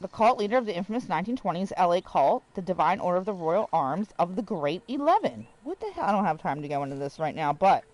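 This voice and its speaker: A woman chats through a gaming livestream, her pitch rising and falling in animated swings. She reads snippets aloud and riffs on them with offhand jokes. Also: quick pace, few pauses, rough recording. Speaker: live streamer. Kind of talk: casual livestream chat while gaming.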